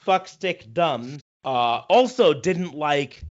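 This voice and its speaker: A man co-hosting a casual wrestling podcast, ranting with a lot of swearing and halting restarts. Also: on the high side, expressive, dull audio. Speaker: podcast co-host.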